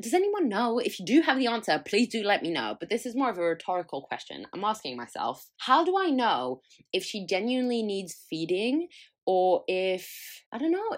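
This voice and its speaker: A young woman hosting a podcast, chatting candidly with a frank, sweary, self-mocking manner and frequent laughter. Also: mid-range voice. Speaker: podcast host. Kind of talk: candid solo chat.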